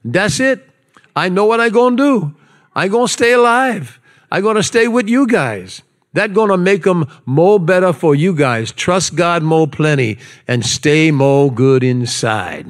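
Folksy Hawaiian Pidgin voice, pastor doing it, pitched well up, playful. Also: male voice, lively intonation, measured pace. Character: folksy Hawaiian Pidgin-speaking man reading scripture.

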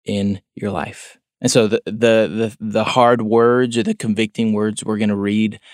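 Man, pastor, sermon, earnest, rhetorical questions, lowish voice. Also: little pitch movement, measured pace, darkish tone, no echo, clean studio sound. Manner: earnest, questioning, repeats words for emphasis.

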